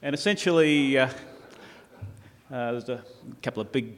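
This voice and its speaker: A man's voice: medium pitch, moderate pace. Australian male conference presenter, dry humour, hesitant fillers, hall reverb. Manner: dry self-deprecating humour, many "uh" fillers. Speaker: conference speaker.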